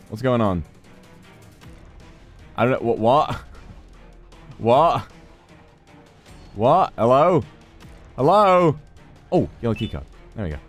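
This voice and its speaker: A male streamer giving animated gameplay commentary, swearing and yelling at the game. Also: mid-range voice.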